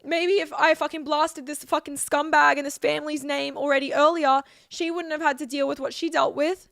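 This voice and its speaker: A woman's voice: high-pitched, flat delivery, moderate pace, gravelly, fairly bright tone, no room sound, clean studio sound. A woman, talking straight to camera in a heated, swear-filled, emotional rant. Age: 20s. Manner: heated, profane, emotional outpouring. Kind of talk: direct-to-camera vlog rant.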